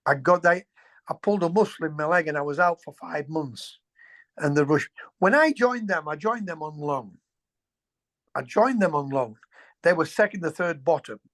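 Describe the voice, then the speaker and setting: A man, a former footballer telling colloquial, animated anecdotes as an interview guest. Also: fairly high pitch, moderate pace. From England. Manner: animated, colloquial, swears, restarts sentences. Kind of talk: anecdotal storytelling.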